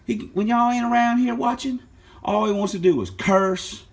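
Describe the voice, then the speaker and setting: A man's voice: extremely high pitch, normal speed, voice pushed up. A man putting on a rowdy, slangy, trash-talking character who mocks the host, in a home workshop. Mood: mocking. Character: loud mouthy man mocking the host.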